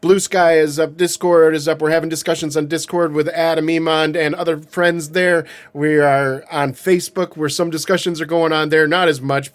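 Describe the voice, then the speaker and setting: Jokey rambling podcast co-host man. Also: a little high. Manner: jokey, rambling, laughs often. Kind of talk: casual chat.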